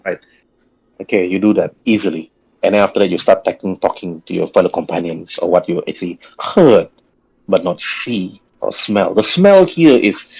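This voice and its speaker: A man narrating as dungeon master in a tabletop game over voice chat, describing scenes in a halting way and repeating words. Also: low-pitched, a little mellow, husky, low-quality recording.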